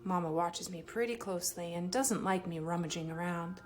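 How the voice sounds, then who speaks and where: A woman's voice: on the low side, normal speed, faint music behind. Woman reading a children's storybook aloud. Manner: expressive, voices the child's feelings with lively shifts. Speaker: storybook reader. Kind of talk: children's read-aloud narration.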